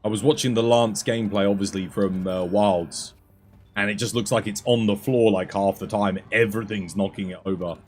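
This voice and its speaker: A hoarse man, losing his voice, giving chatty, self-deprecating commentary while coaching other players through a game. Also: on the low side, steady tone, normal speed, darkish tone, faint music behind. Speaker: gaming streamer coaching players. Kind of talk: casual gameplay commentary.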